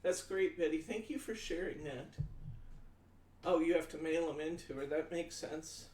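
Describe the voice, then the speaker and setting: Friendly male craft host on a live stream, a bit high-pitched, chatty and folksy, walks through measurements, picked up from a distance in an echoey room. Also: moderate pace, a little mellow. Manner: chatty, folksy, answers viewer comments aloud; talks through measurements step by step. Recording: echoey room, distant mic, faint noise.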